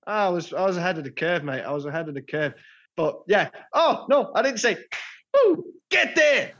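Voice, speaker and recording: A man's voice: on the high side, quick pace, a bit bright, muffled recording. A man co-hosting a podcast, full of jokey, teasing banter. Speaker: podcast co-host. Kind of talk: casual chat.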